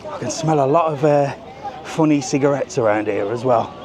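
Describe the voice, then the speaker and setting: Speaking at a normal speed in a medium-pitched, slightly mellow voice, a British travel vlogger walks a busy seafront strip at night and films live on a small handheld camera. He chats and tosses out cheeky jokes with light swearing as street music plays nearby.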